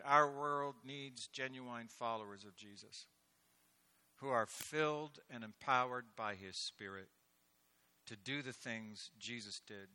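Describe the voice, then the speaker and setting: A man preaching a sermon, swelling into loud, emphatic delivery with rhetorical questions. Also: mid-range voice. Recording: echoey hall with long reverb.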